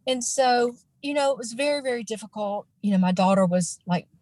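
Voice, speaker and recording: A woman's voice: fairly high pitch, fairly quick, darkish tone, no room sound, rough recording. A woman in her forties, a guest in an interview, telling an emotional personal story in an earnest way, with many fillers and restarts.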